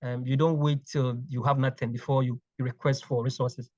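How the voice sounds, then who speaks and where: Man from Ghana, interview guest, halting and repetitive delivery, mid pitch, dry muffled remote audio. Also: little pitch movement, darkish tone, dry recording. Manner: halting, repeats words while thinking. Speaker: clinical engineering manager, guest. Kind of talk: interview conversation.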